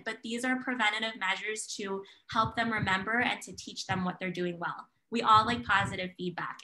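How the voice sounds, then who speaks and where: A woman presenting a parenting webinar over a video call, slowing down to model example phrases for parents. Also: mid-range voice, rough recording. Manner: warm coaching tone, models example phrases slowly. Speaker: child psychologist presenter.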